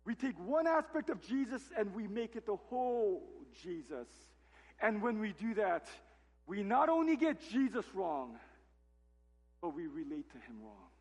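High, lively preacher man, husky voice. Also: unhurried. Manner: emphatic, with rhetorical questions. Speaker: pastor. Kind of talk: sermon. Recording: long hall reverb.

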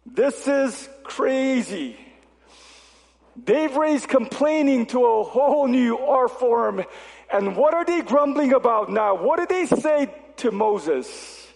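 A man preaching a sermon, reading scripture aloud and asking the congregation rhetorical questions with animated delivery. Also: very high voice, slow, creaky, in a large hall. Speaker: pastor.

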